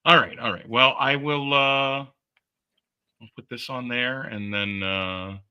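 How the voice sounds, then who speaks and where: A man's voice: mid-range voice, slow, clean tone, highs cut off. A man hosting a live stream, chatting loosely with many fillers and some swearing. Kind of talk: casual chat on a live stream.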